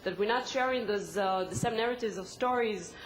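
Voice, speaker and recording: Woman, Israeli accent, native Hebrew speaker, panelist, halting speech, echoey conference hall. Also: medium pitch, background noise. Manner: halting, repeats words. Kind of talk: panel discussion answer.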